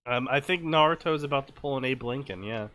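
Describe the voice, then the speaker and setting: A man co-hosting a comedy stream, reading fanfiction aloud with sarcastic commentary and sudden loud outbursts. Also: mid-range voice, brisk, a little hiss or hum.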